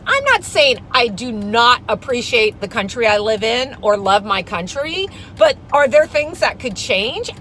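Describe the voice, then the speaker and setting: A woman rants with a lively, swooping voice that sits a little high for a woman. She swears constantly and jumps into loud retorts as she tells her story. Faint car and street noise hums behind her. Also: a little slow, hardly any pauses, poor audio. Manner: profane, animated storytelling with shouted outbursts. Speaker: vlogger. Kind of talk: casual rant.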